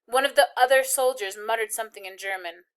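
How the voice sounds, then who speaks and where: A woman's voice: fairly high pitch, fast talker, clear, resonant tone. Woman reading a novel aloud. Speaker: reader.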